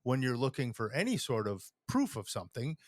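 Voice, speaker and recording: A man co-hosting a podcast talks through his reasoning in casual chat, circling back and restarting his phrases. His voice has a medium male pitch and sounds dry and close to the mic. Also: sing-song, a little fast, no room sound. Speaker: podcast co-host.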